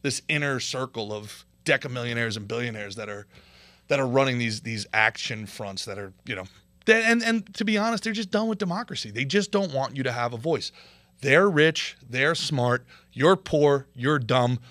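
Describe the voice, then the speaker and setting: A man hosting a podcast, giving rambling political commentary with heavy sarcasm, swinging from loud bursts to low mutters. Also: lively intonation, normal speed, dry recording. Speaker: podcast host.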